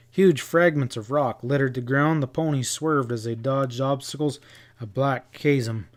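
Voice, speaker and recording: A man reading a western novel aloud as an audiobook. His voice sits at an ordinary mid pitch. He keeps a steady, dramatic narrating pace.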